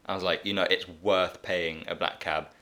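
A man with a low pitch and a bright, forceful tone tells a rambling story in relaxed podcast chat. He talks in an easy way, with small restarts and asides. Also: moderate pace. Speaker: podcast co-host. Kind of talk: casual chat.

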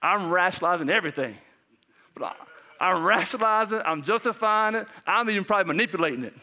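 A man preaching a sermon as pastor, animated, who keeps asking the congregation questions and sometimes drops to a hushed near-whisper. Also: sits high, fast.

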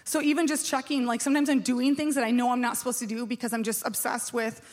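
A woman's voice: on the high side, flat delivery, fast talker. A woman pastor giving a sermon in a chatty, self-mocking way, asking the room questions.

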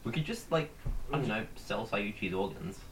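A man's voice: lowish voice, animated, moderate pace, noisy background. A man co-hosting a podcast, teasing and interrupting with sarcastic jabs. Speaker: podcast co-host. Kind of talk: casual chat.

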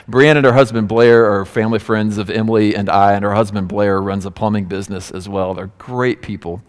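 A man, a pastor, giving a sermon and telling a personal story, acting out the voices of the people in it. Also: lowish voice. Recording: hall reverb.

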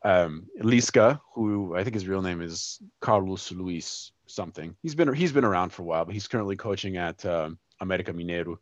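A man co-hosting a soccer podcast, talking in a halting, somber way with many restarts. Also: sits low, animated, no room sound, highs cut off. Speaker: podcast co-host. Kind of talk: casual chat.

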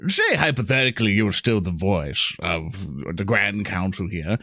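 A man at a tabletop game with a bright, sharp tone. His fairly high voice swings up and down a lot, and he speaks playfully and excitably. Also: moderate pace, dry recording, clean studio sound. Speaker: player. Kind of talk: casual tabletop game play.

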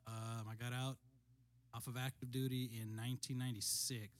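A middle-aged man and military veteran telling a story in casual conversation, steady and matter-of-fact, often clearing his throat. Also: mid-range voice, a little fast.

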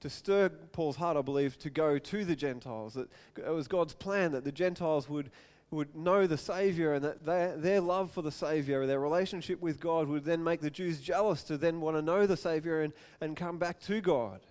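A man preaching a sermon, telling stories and acting out quotes in loud bursts. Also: normal speed, hardly any pauses. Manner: storytelling, acts out quotes with sudden loud raised-pitch outbursts. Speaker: pastor. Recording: long hall reverb.

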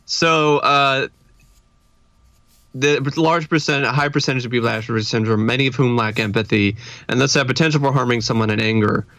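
A man's voice: medium pitch, a little fast, a bit bright, no echo. Man, casual podcast talk, laughs a lot, rambling, dead-dry sound. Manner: laughs often, rambling, self-deprecating. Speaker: podcast co-host. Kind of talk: casual chat.

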